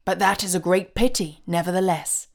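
A woman voicing a kindly old Santa Claus who speaks calmly and thoughtfully in a storybook reading. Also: medium pitch, normal speed, lightly acted. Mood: musing. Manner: musing, calm.

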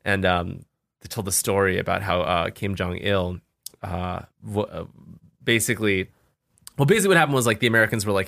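A man co-hosting a casual podcast, telling stories excitedly, swearing freely and laughing often. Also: deep voice, a little fast, gravelly, dry recording, studio quality. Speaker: podcast co-host.

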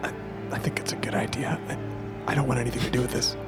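A man voicing a frightened prisoner in the stocks who stammers in a hushed whisper, with music behind. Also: medium pitch, little pitch movement, fast talker, natural voice. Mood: scared whisper.

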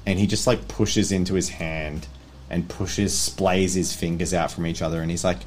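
A man's voice: low-pitched, fairly even intonation, moderate pace, a little mellow, faint music behind. A man acting as game master, narrating a tabletop game in a casual, vivid way with lots of fillers.

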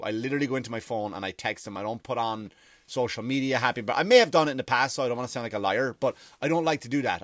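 A man in his forties rambles through a comic monologue, swearing freely in a conversational, unpolished way. His voice sits at an ordinary middle pitch for a man. The recording is dry and close, with no room sound. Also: fairly bright tone, no room sound.

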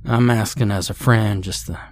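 A man's voice: lowish voice, steady tone, normal speed, slight background noise, close to an everyday voice. A man voicing an older male farmer neighbor in a storybook horror tale. He talks in a folksy drawl, friendly but stern.

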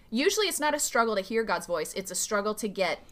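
A woman pastor talking casually about faith in a podcast interview, animated and full of "like" fillers, acting out quoted dialogue. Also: a little fast. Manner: animated, acts out quoted dialogue with big pitch jumps. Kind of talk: conversational faith teaching.

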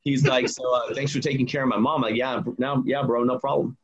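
A man with a husky, slightly breathy voice tells a personal story in a casual, animated way. He slips into each person's lines as he quotes them. The recording sounds a little dull and lo-fi. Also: mid-range voice, a little fast. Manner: animated, acts out quoted dialogue. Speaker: guest telling a personal story.

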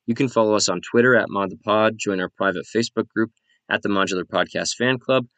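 A man reads end credits for a podcast in a brisk, even delivery. His voice sits low for a man. The sound is dry and close. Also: no room sound. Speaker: podcast player and credits reader.

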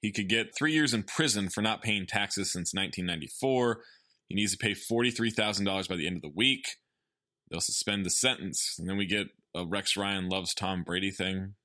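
Bright-voiced man recapping a movie plot. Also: deep voice, a little fast, no echo, studio quality. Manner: plot-summarizing, swearing, argumentative. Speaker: podcast co-host recapping the film. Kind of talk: casual comedic movie recap.

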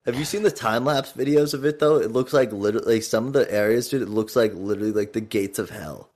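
A man's voice: lowish voice, quick pace, darkish tone. A man chatting casually, rambling with lots of filler words. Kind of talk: casual chat.

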